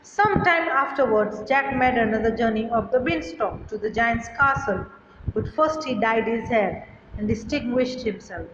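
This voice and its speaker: A woman's voice: a little high, a little slow, a bit bright, slight background noise. A woman teacher reading a story aloud and explaining it, reading a line and then paraphrasing it in simple words, recorded in an echoey hall with dull lo-fi sound.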